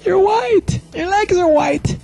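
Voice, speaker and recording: A man doing a shrill indignant girlfriend. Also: takes it slowly, creaky, warm tone, exaggerated voice. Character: shocked young woman, disappointed girlfriend.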